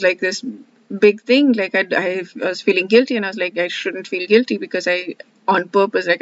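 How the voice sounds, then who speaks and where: A woman's voice: medium pitch, dry recording. A woman talking through her thoughts in a reflective personal vlog, rambling and heartfelt, often quoting her own thoughts. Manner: rambling, heartfelt, self-questioning; frequent fillers and restarts, quotes her own thoughts. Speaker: vlogger studying scripture. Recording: slightly dull lo-fi audio.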